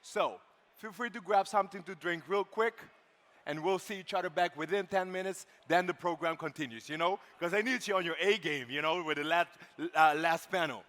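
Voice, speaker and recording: High-voiced lively male event host. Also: a little fast. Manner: energetic, playful crowd banter. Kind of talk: live stage hosting. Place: large conference hall. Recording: long hall reverb.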